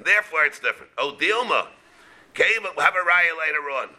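Bright-voiced rabbi giving a Talmud class. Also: male voice, fairly high pitch, lively intonation, a little hiss or hum. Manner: halting, repeats words, mixes Hebrew and Aramaic terms into English.

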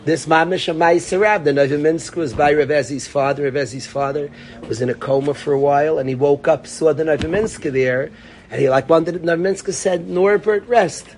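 Sex: man. Role: teacher of a religious class. Style: informal Torah class. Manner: conversational, repetitive, calls students by name. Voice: somewhat high for a man, light background noise. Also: fairly quick, a little mellow. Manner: conversational, repeats phrases, addresses students by name.

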